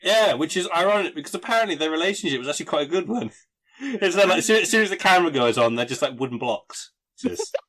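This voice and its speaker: A man's voice: a little high, expressive, fast, fairly bright tone. A man hosting a casual podcast, talking wryly and sarcastically about old films, swearing now and then. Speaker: podcast host. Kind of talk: casual chat.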